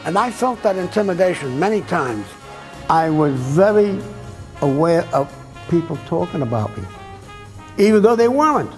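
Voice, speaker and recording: A man in his nineties with a gravelly, creaky voice, talking bluntly and animatedly about his life. His pitch sits a little high for an old man, and soft music plays underneath him. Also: moderate pace. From Brooklyn, New York. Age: 90s. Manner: blunt, animated storytelling with bursts of laughter. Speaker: jazz trumpeter. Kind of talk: candid reminiscing.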